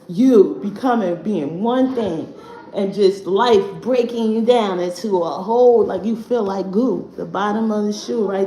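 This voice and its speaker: Brief: woman livestream host, loose, swearing, animated, roomy echo, faint hiss. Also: mid-range voice. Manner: animated, profane, laughing often. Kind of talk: casual spiritual livestream talk. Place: home. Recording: echoey room, faint background noise.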